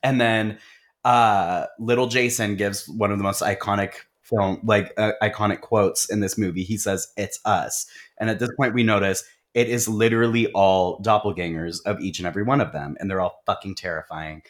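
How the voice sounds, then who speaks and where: A man's voice: lowish voice, normal speed. A man co-hosting a podcast, recapping a movie in casual, profane chat with frequent laughs. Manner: profane, laughing, animated storytelling. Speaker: podcast co-host.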